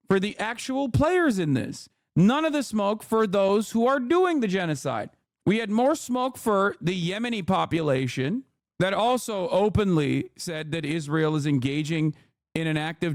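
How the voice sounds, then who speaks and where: A man streaming, reacting to clips with sarcastic, profane, rapid-fire commentary. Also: high-pitched, dry recording, clean studio sound. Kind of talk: casual commentary.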